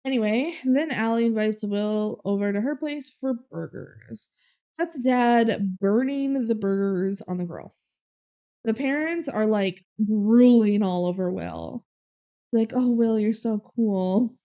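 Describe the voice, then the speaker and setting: A woman's voice: medium pitch, lively intonation, slow, mellow, clear, resonant tone. A young woman co-hosting a podcast, casually recapping a movie with frequent laughter. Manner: bubbly, laughs often, quotes characters. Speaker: podcast co-host.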